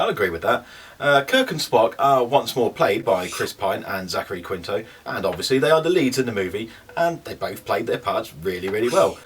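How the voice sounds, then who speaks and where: A man's voice: mid-range voice, a bit bright, slightly rough, far from the mic. A man co-hosting a casual film review, chatty and cheeky.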